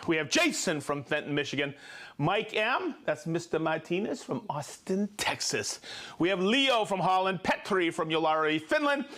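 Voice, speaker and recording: High-voiced joking male livestream host. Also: big pitch swings, a bit bright. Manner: jokey, stumbles over place names, quick asides. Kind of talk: reading viewer shout-outs on a live show.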